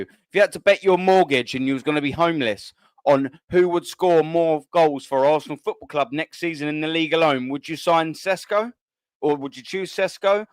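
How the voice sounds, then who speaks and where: A man chats bluntly through a live fan stream, swearing freely and answering viewer comments. His voice sits a bit high and comes across smooth and resonant. The sound is dry and close. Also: no room sound. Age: 30s. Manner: blunt, sweary, animated banter. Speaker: host.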